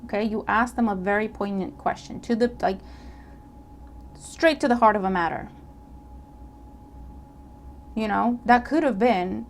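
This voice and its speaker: Woman, casual tarot reader, animated, addresses the viewer directly, mid-range pitch, faint background hiss. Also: unhurried, long pauses. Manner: animated, acts out imagined dialogue; checks in with listener, repeats herself. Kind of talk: casual tarot reading to camera.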